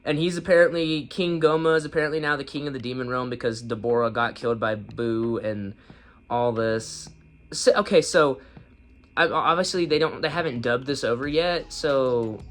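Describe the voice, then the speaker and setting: Guy reviewing an anime, chatty and rambling, slangy, bursts of high laughter, mid pitch, faint music behind. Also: moderate pace, a bit bright. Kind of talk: casual video review.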